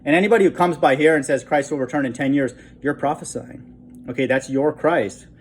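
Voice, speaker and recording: A man's voice: a little high, a little fast, slight background noise. Casual man preaching over scripture. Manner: reads scripture aloud, adds frequent "okay?" asides, chuckles. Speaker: online preacher. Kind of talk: informal Bible teaching monologue.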